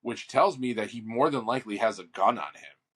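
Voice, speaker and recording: A man co-hosting a podcast, telling a long story in a casual, animated way, full of fillers and swearing. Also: mid-range voice, brisk. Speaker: podcast co-host.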